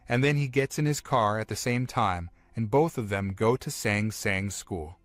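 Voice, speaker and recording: A man narrating a comic-book story recap in a plain, steady storytelling manner. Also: lowish voice, normal speed, hardly any pauses, no echo, soft background music.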